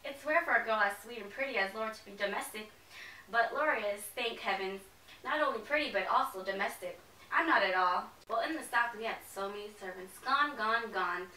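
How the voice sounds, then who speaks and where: Girl doing a fussy southern belle mom, bright and gushy, faint hiss, far from the mic. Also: medium pitch, brisk, roomy sound, close to an everyday voice. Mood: gushing. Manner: gushing, genteel, rambling. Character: faded Southern belle mother, fussy and chatty. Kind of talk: amateur stage play reading.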